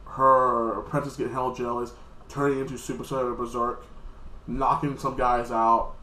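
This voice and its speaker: An American man giving a casual, rambling and profane recap of an anime episode, now and then jumping into high, squeaky mock voices. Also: level tone, moderate pace, bright, forceful tone, echoey room, slight background noise, rough recording. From United States. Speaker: anime reviewer.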